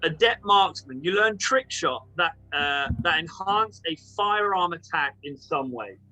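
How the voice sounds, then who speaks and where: A man's voice: on the high side, animated, unhurried, sharp tone, rough recording. A man playing a tabletop game over an online call, apologetic and unsure about the rules. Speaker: player. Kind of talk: casual tabletop game play.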